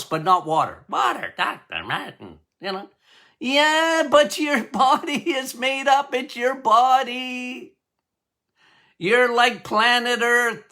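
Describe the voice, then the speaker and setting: A man's voice: high-pitched, bright, forceful tone. A man hosting a health podcast as a doctor, talking emphatically, repeating key words and laughing at his own jokes. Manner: emphatic and repetitive, drumming points home.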